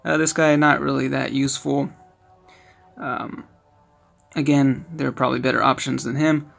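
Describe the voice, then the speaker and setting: A man giving a casual, card-by-card review of a collectible card game, with quick offhand verdicts and many fillers. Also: medium pitch, little pitch movement, gravelly, a bit bright, faint music behind. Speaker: card game video creator.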